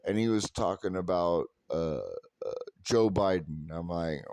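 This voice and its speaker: A man's voice: sits low, a little slow, few pauses, darkish tone, smooth, dry recording. A man from California telling a heated, sarcastic story full of swearing, in a profane rant. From California, USA. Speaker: vlogger.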